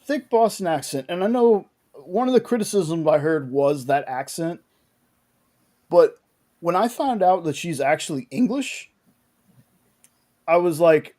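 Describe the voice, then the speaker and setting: A man walks through a TV episode scene by scene, stopping and restarting his sentences as he goes. His voice sits a little high but has a mellow, soft tone. It comes across as relaxed, casual chat. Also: unhurried, pauses often. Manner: rambling, with many restarts and "like". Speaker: podcast host recapping a show.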